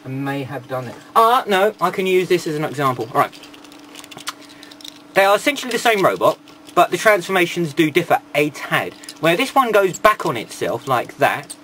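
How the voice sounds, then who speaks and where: A man's voice: fairly high pitch, sharp tone, a little hiss or hum. A man giving a casual toy review, rambling, with irreverent and sarcastic asides.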